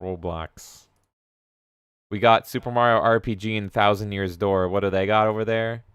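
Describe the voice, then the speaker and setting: A man co-hosts a podcast in casual live-stream chat, animated and quick to swear. His voice is smooth and resonant at a middle pitch. The sound is close and dry. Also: no echo. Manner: animated, swears often, jokey. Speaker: podcast co-host.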